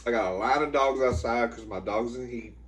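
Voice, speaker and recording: Campy profane man gabbing to camera. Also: fairly quick. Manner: campy, profane, chatty, calls the viewer "girl"; loud high-pitched yelps when quoting himself or scolding dogs. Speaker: comedy mukbang host. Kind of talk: casual storytelling to camera.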